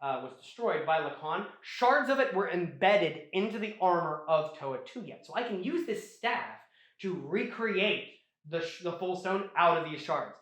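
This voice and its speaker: A smug, scheming male villain spirit, as a man puts him on, talking offhandedly about his dark powers. His voice sits high for a man. The sound carries a roomy echo. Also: animated, unhurried. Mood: boastful. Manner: casual, offhand, joking retelling.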